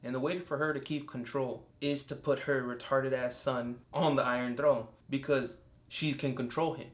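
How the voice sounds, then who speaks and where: Young male TV reviewer, solo casual vlog, excitable and profane, mid-pitched. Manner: excitable and profane, with outbursts of enthusiasm. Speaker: TV show reviewer.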